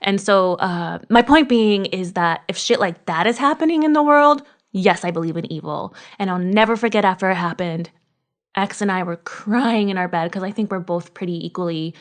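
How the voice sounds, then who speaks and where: A woman's voice: mid-range voice, expressive, normal speed. A woman in her thirties from Connecticut, co-hosting a podcast in casual chat, speaking emotionally and swearing freely. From Connecticut, USA. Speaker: podcast co-host.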